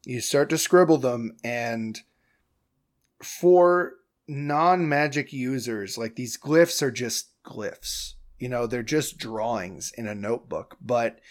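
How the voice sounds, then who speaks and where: A man narrating as game master in a relaxed, rambling way. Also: mid-range voice, slow pace. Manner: relaxed, rambling, laughs easily.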